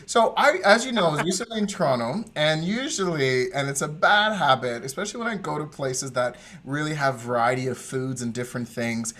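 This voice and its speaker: Animated laughing male podcast co-host. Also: a little high, a little fast, hardly any pauses, slight background noise. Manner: animated, laughing, tangent-prone storyteller. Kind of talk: casual storytelling chat. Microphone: remote podcast mic.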